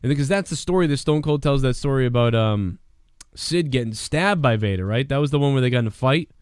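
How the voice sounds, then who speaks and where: A man hosts a live call-in review show, rambling through stories and swearing freely. His voice is smooth and clear, and it sits close and dry with no room sound. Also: medium pitch, fairly quick, no echo. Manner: rambling, profane, storytelling. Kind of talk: casual call-in chat.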